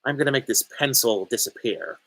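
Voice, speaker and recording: A man doing the Joker, cackling and slow. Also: medium pitch, expressive, gravelly, fairly bright tone. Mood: mocking. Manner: cackling, slow sneering delivery. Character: giggling menacing male clown villain.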